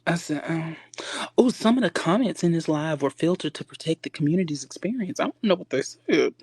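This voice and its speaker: A man's voice: on the high side, lively intonation, fairly quick, a little mellow, husky, dry recording. A man hosting a casual livestream chat, sassy and rambling, often stopping himself to get back on track. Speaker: livestream host. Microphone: phone.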